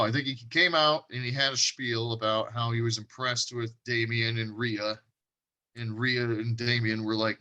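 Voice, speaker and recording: A man co-hosting a casual podcast, recapping at length with a hesitant, rambling delivery. His tone is bright and forceful, and his voice sits in the middle range. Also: mid-range voice, steady tone, moderate pace. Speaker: podcast co-host. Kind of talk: casual chat.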